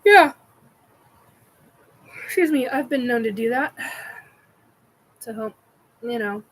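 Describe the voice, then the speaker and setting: Slow, rambling woman streamer. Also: a little high, lively intonation, low-quality recording. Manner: rambling, with many fillers and restarts. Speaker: host of a live evening chat stream. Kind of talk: casual live-stream chat reading comments.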